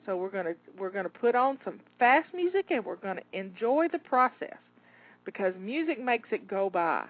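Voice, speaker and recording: A woman's voice: mid-range voice, very animated, normal speed. A woman coaching listeners through timed cleaning tasks, cheering them on with encouraging, repeated rallying phrases. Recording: phone-like narrow dry sound.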